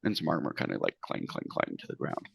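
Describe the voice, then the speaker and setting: A man's voice: rumbling low, sing-song, quick pace, vocal fry, fairly bright tone, breathy edge, no echo. A man narrating a tabletop game as game master, in a loose style with many fillers.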